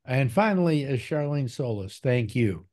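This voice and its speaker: A man's voice: medium pitch, lively intonation, darkish tone. A man hosting a casual panel show, chatting easily and stopping often to restart his sentences. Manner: easygoing, halting with many restarts. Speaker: show host. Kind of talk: casual chat with panel on a video call.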